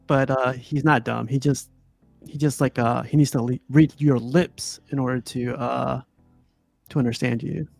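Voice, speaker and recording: A man's voice: mid-range voice, fairly even intonation, moderate pace, vocal fry, darkish tone, no room sound, faint music behind. A man hosting a casual film review, talking loosely and laughing often. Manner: laughs often, rambling with fillers. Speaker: podcast host. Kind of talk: casual movie review chat.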